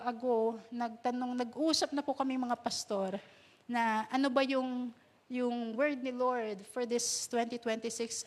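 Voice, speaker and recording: Woman, pastor, Filipino accent, high voice, sermon, code-switching, laughs often. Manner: switches between Tagalog and English, laughs often, draws out quoted words.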